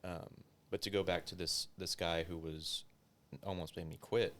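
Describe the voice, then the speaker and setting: A man's voice: low voice, steady tone, normal speed, fairly bright tone. A man, a former police officer, telling his story as an interview guest in loose, casual talk full of filler words and swearing. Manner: loose and profane, heavy use of filler words.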